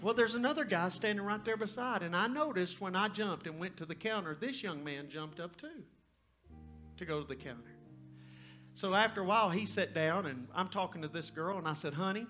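A man in his fifties, a pastor, telling a personal story in a sermon with an animated, folksy, conversational delivery. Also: sits high, brisk, faint music behind. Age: 50s.

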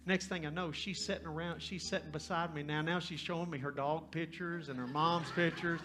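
Bright-voiced preacher in his fifties. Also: a little high, fairly quick, soft background music. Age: 50s. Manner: animated, folksy, conversational storytelling. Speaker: pastor. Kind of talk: storytelling sermon.

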